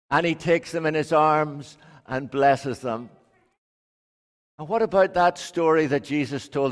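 A man giving a storytelling sermon, playfully acting out the quotes. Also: high voice. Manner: slow, playful, acts out quotes. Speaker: preacher. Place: church. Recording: echoey hall.

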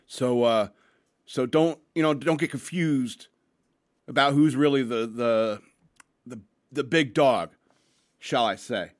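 A man's voice: medium pitch, slow, pauses often. Blunt, crude-talking tipsy man ranting. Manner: blunt, crude, rambling with restarts. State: a bit tipsy. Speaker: podcast host. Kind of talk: casual ranting commentary and news reading.

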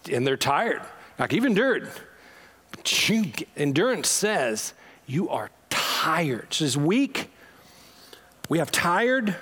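A man preaching a sermon in a conversational way, swinging from loud emphatic bursts to low quiet asides, with frequent fillers and restarts. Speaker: pastor.

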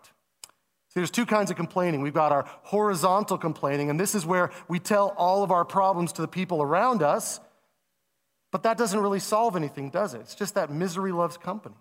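A man preaching a sermon as pastor, in a conversational, animated way, asking the congregation questions. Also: high-pitched, in a large hall.

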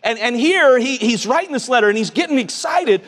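Fast, high-voiced preacher man. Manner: folksy, excitable, repeats words and restarts. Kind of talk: sermon. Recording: long hall reverb.

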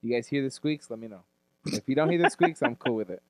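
A man's voice: mid-range voice, animated, fast talker, dry recording. Swearing, ranting co-host, man. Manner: loud, swearing rants and laughter. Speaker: fantasy football podcast co-host. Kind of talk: profane casual sports chat.

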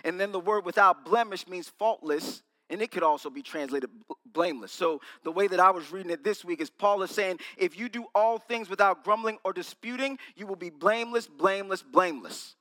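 A man delivers a sermon in a small room, his voice bright and pitched high. He playfully quizzes and teases the people listening. A long reverb trails behind each phrase. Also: brisk. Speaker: preacher.

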